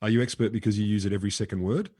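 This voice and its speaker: Australian man, podcast co-host, dark mellow tone, wry delivery, dry close mic. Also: on the low side, steady tone, very fast, dry recording. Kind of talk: casual science chat.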